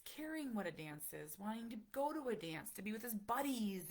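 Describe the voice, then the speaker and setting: A woman's voice: a little high, animated, brisk. A woman in her thirties, a parent chatting candidly and emotionally with viewers on a live stream. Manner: candid, emotional, softly confiding. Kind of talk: casual live-stream chat.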